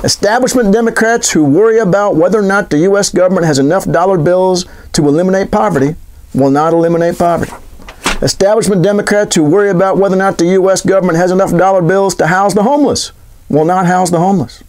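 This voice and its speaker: High-voiced sarcastic male commentator. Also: quick pace. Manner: sarcastic, animated, rhetorical questions. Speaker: political commentator. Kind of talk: political commentary monologue.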